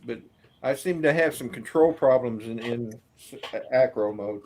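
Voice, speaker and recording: A man hosting a casual group call, talking haltingly with repeated words and dry jokes. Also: mid-range voice, darkish tone, slight background noise.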